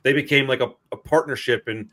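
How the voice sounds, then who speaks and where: A man in a casual film review chat, talking in an excitable, profane, slangy way. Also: medium pitch, a little fast. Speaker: podcast co-host.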